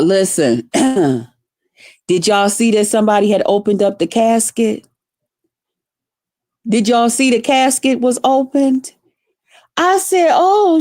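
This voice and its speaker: Slow-talking, profane woman ranting. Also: a little high, no echo, clean studio sound. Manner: profane, animated, dramatic. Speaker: vlogger. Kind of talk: casual storytelling rant.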